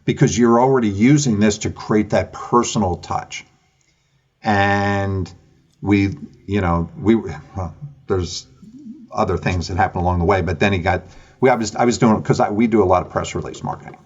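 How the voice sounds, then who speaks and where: Husky low-voiced man telling a story. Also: normal speed, muffled recording. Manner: animated storyteller who acts out conversations. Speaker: podcast guest, author. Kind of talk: storytelling in an interview. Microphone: video call.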